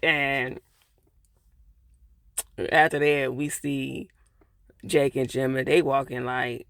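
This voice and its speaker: Retelling a TV episode, this male reviewer keeps things loose and chatty, tossing in plenty of filler asides. He takes it slowly in a flat, medium-pitched voice that's clean and a bit bright, with no room sound.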